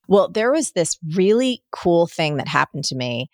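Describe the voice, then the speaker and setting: Animated lower-voiced woman telling stories. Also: normal speed, no room sound. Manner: energetic, animated storyteller. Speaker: guest. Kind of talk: podcast interview, storytelling.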